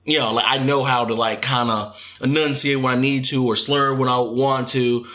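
A man's voice: mid-range voice, normal speed. A man co-hosting a podcast, chatting casually and animatedly, now and then jumping into playful put-on voices. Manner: animated, jumps into exaggerated impressions. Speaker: podcast co-host. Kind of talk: casual chat.

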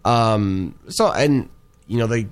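A man's voice: on the low side, slow pace. Rambling young man in casual chat. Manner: chatty, rambling, many fillers. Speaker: co-host reviewing ads.

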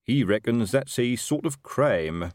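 A man's voice: medium pitch, lively intonation, a little slow, a little mellow, no echo, studio quality, pitched above the performer's own voice, natural voice. A man voicing a blustering, self-important middle-aged sergeant in an audiobook, with a raised, wheedling voice. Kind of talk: audiobook character voice.

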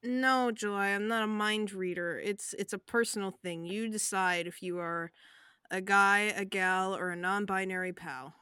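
A woman narrating a tabletop game as its game master, her voice bright and crisp. The sound is dry and close, with no room around it. She talks in a playful way and slips into the voices of the characters. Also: mid-range voice, moderate pace, dry recording. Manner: playful, voices a groggy non-player character.

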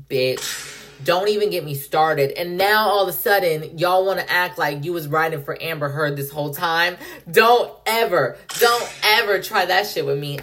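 A woman's voice: deep voice, fairly bright tone. A young woman hosting a solo podcast, ranting in a heated, profane way and saying "like" constantly. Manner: heated, profane, heavy use of "like". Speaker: podcast host.

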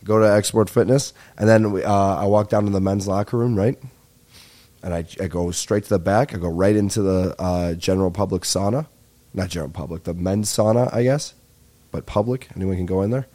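Rambling young podcast host. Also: male voice, deep voice, fairly quick. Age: 20s. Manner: rambling, excitable and profane. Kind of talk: comedic podcast monologue.

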